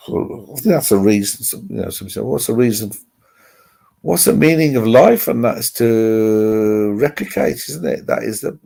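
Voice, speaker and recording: A man's voice: fairly low pitch, gravelly, warm tone, breathy edge. A man hosting a casual livestream chat, rambling and chatty with mild swearing, talking into a laptop mic at home. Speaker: livestream host. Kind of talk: casual chat with live viewers. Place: home, seated with laptop on lap. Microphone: laptop microphone.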